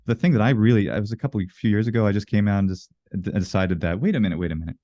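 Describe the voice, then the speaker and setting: A low-voiced man with a mellow tone, talking as a guest in a casual interview. He explains his ideas earnestly and at length, often stopping to rephrase mid-sentence. The sound is close and dry. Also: racing, dry recording. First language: English. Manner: earnest, explains at length with frequent self-corrections.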